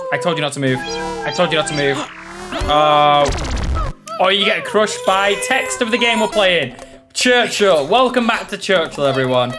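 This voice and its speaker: A man hosts a gaming video, excitably commenting on the game and shouting at its character. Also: high-pitched. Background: game music.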